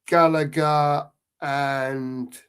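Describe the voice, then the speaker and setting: A man's voice: a little high, level tone, drawn-out words, a bit bright, smooth. Middle-aged bloke rambling live on his fan stream, chatty, reads out the comments. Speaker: fan channel co-host. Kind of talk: casual live-stream chat.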